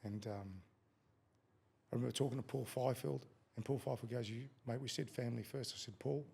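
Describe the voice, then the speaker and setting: Appearing as a podcast guest, this middle-aged Australian ex-fighter spins a casual story, cursing liberally and performing the quoted lines. He speaks fairly quickly at a medium pitch with a steady tone, and his voice is creaky, a little mellow and slightly rough.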